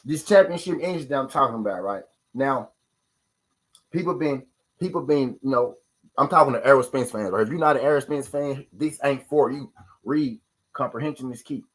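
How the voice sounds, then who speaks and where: Husky man ranting about boxing fans. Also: mid-range voice, moderate pace, poor audio. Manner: repeats "right?" constantly, profane street slang. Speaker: boxing talk show host. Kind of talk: live-stream casual rant.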